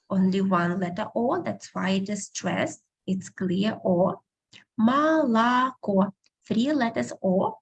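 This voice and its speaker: A woman teaching an online beginner language class, patiently repeating words slowly over a video call. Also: medium pitch, gravelly, slightly rough.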